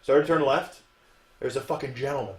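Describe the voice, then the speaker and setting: A man, co-hosting a podcast and telling profane, animated stories in casual chat. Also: mid-range voice, fairly quick, slight background noise. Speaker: podcast co-host. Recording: roomy echoey room.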